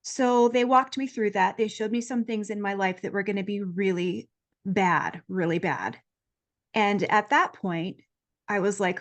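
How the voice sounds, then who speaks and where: A woman guest in an earnest, lively conversation, telling a personal story and acting out the voices she quotes. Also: mid-range voice, unhurried.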